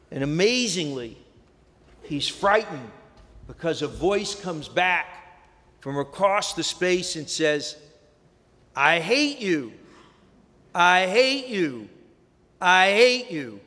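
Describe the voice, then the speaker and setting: A man delivers a reflective sermon at an unhurried, deliberate pace, his voice sitting a little high for a man. The sound carries the long reverb of a large sanctuary. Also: a bit bright. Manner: slow, measured, reflective storytelling. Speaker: clergy leader.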